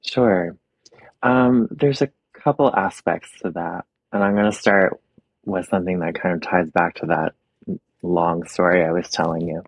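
A young adult man with a deep, slightly husky voice shares his story in a relaxed interview. He talks openly and with feeling. The sound is close and dry. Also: a little slow, no echo. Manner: open, emotional storytelling with soft laughs. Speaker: guest, makeup artist. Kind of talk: casual interview.

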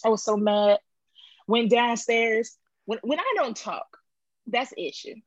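A woman powerlifter being interviewed, telling her competition story in a casual, animated way and acting out what people said. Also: measured pace, no room sound, highs cut off. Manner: animated storytelling, acts out quotes with high pitch jumps. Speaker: powerlifter guest.

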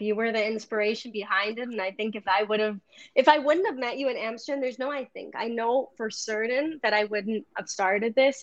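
A woman hosts a podcast in an eager, informal chat, with the odd casual swear word. Her voice sits at a middling pitch. The recording sounds dull and dry. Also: dry recording. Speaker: podcast host.

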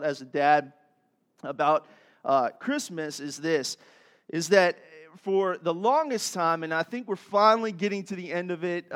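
Male pastor, high voice, middle-aged, animated sermon storytelling, soft then loud.

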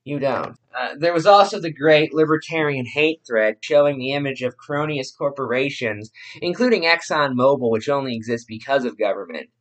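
A man's voice: mid-range voice, normal speed, hardly any pauses, a bit bright, muffled recording. A man giving blunt, mocking commentary on forum posts. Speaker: online commentator.

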